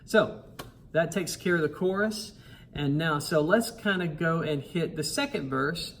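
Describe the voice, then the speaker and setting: A man teaching a choir its parts, singing the lines, counting in and talking in a relaxed, encouraging way over loud piano. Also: a little high, a little slow, a little hiss or hum. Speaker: choir director. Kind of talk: choir rehearsal tutorial. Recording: piano music loud behind him.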